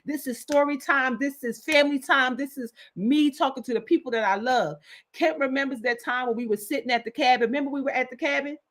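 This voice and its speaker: A woman gives an impassioned wellness talk, her voice sitting on the high side. She preaches with urgency and hammers her points home through repetition. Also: brisk, a bit bright. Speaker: wellness speaker.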